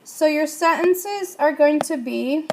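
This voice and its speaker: A woman's voice: high voice, slow, background noise. A woman teaching a Spanish grammar lesson, asking her class questions and answering them herself.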